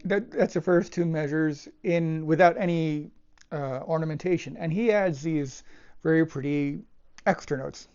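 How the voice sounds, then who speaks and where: A man teaching a piece of music, talking it through thoughtfully with pauses and restarts as he demonstrates it. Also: fairly high pitch. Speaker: cellist teacher. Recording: dull lo-fi with cello playing. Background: cello phrases between remarks.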